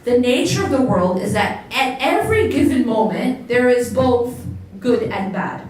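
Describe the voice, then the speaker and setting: A woman's voice: on the high side, darkish tone. A woman giving a religious lecture to a live audience, talking conversationally and asking the listeners questions. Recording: echoey hall, voice from far off, faint noise.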